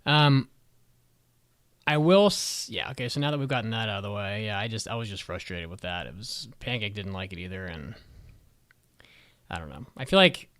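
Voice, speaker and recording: A man's voice: on the low side, animated, moderate pace, pauses often, a bit bright, clear, resonant tone. A man co-hosting a podcast, chatting casually with blunt, profane opinions and lots of filler words. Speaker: podcast co-host. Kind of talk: casual chat.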